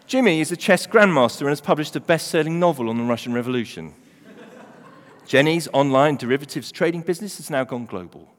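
A middle-aged man preaching a sermon, animated, swinging from loud emphasis to hushed, quiet readings. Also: a little high, fairly quick. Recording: reverberant hall.

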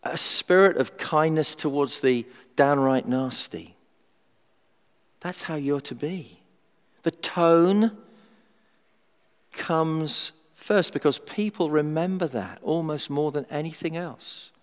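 A middle-aged man preaching a sermon in a humorous, animated way, acting out everyday voices. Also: fairly high pitch, takes it slowly, clear, resonant tone. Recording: long hall reverb.

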